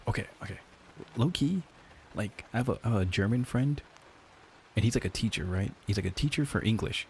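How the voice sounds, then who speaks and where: A man's voice: on the low side, animated, fairly quick, a little mellow, slight background noise. A young man streaming, chatting casually and profanely with his viewers, peppering his talk with "like" and "dude". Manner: loose and profane, lots of "like" and "dude". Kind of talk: casual chat with live chat.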